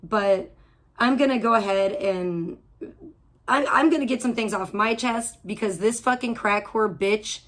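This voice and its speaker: A woman's voice: a little high, moderate pace, fairly bright tone. A woman hosting an audio-only livestream from home, ranting in a heated, profane, rambling way with lots of restarts. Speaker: livestream host.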